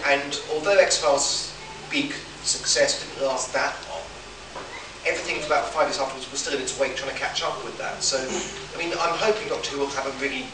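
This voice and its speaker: A man speaking as a writer and guest on a convention panel, chatty and laughing often, with halting restarts. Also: mid-range voice, steady tone. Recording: echoey room, far mic, background noise.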